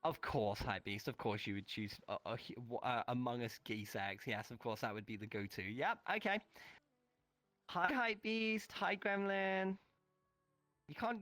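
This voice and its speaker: Man, streamer, playful, teasing, higher voice, dry sound. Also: sharp tone, dry recording. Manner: playful and teasing, greeting chat. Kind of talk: casual stream chat.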